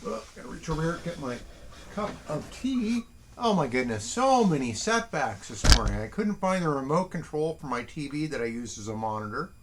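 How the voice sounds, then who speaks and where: A man hosting a casual morning livestream, reading listeners' haiku slowly and adding wry, chatty asides from his desk at home. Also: on the high side, big pitch swings, slight background noise. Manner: chatty and wry, reads poems slowly and deliberately.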